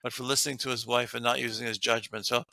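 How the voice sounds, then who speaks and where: A man's voice: medium pitch, level tone, fast, creaky, bright, forceful tone, dry recording. A man, a guest author, talking earnestly about relationships and laughing often as he makes his points. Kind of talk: casual interview talk.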